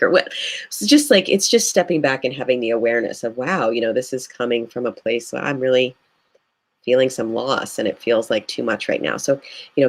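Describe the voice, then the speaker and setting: A woman's voice: very deep voice, slightly rough. A woman who works as a grief guide, speaking earnestly and reflectively in a live video interview, with frequent "you know" fillers.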